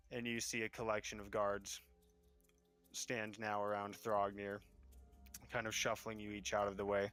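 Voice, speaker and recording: Guy running a tabletop game, chill narrating, lots of ums, some quiet music. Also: fairly low pitch, moderate pace, long pauses. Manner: relaxed, with frequent ums. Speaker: game master.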